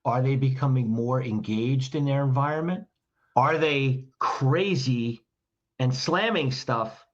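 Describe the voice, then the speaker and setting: A man talks through his ideas in a direct, teacherly way, stacking up rhetorical questions as he goes. His voice sits at an ordinary pitch, and the recording sounds dull and a little lo-fi. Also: slow pace. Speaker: communication trainer, guest. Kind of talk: explanatory podcast conversation.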